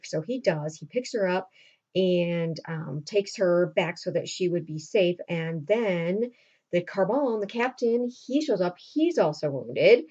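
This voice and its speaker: A woman teacher walks her class through a play in a loose, chatty manner, stopping to put questions to the students. Her voice is dark and mellow, and the recording sounds dull and lo-fi. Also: fairly low pitch, animated, a little slow.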